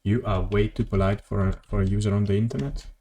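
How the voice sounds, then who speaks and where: A man's voice: fairly low pitch, steady tone, fast, mellow, a little hiss or hum. A man streaming a game from his home office, chatting casually and rambling as he plays, correcting himself and answering chat. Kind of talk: casual gameplay commentary.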